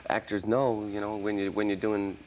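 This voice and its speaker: Low-voiced man with faint Australian traces. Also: little pitch movement, normal speed, darkish tone, a little hiss or hum. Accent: mostly American, traces of Australian. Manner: rambling, many restarts and fillers. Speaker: interview guest, musician and actor. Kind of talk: casual interview talk.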